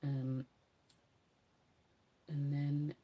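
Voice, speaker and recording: A woman's voice: deep voice, monotone, extremely slow, highs cut off. A woman beauty creator chatting casually through a makeup swatch demo, musing aloud and correcting herself as she goes.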